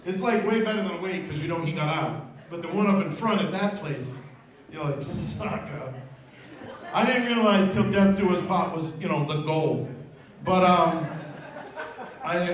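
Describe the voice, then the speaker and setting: Dry-teasing man doing stand-up in a pub. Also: a little high. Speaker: stand-up comedian. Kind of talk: stand-up set. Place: small pub stage. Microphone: far handheld camera. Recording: echoey pub from a far camera.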